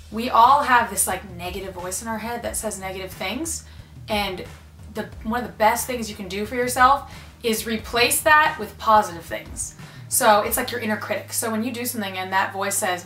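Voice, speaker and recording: A woman's voice: mid-range voice, fairly bright tone. A young woman talking casually and earnestly, giving encouraging self-help advice. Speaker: advice speaker. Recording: echoey room with faint music.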